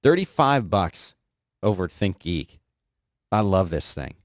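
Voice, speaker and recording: A man's voice: low-pitched, big pitch swings, unhurried, no room sound, studio quality. A man hosting a show in casual, enthusiastic, rambling chat. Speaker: podcast host.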